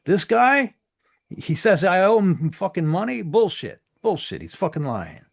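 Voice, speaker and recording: A man voicing Darren, a defensive male street dealer who shouts and curses indignantly. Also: high voice, big pitch swings, a little fast, creaky, pitched above the performer's own voice, heavily acted. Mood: blustering.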